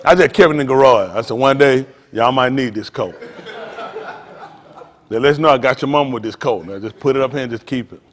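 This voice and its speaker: A middle-aged man pastor, teasing and preaching to his congregation in a joking, animated way. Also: mid-range voice, fairly quick. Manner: animated, teasing, talks straight to the crowd. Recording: long hall reverb.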